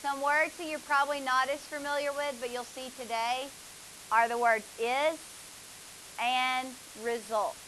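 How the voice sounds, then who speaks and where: A woman's voice: high voice, fairly even intonation, unhurried, pushed and bright, a little hiss or hum, low-quality recording. A woman, teaching a math class, asking students questions and praising their answers.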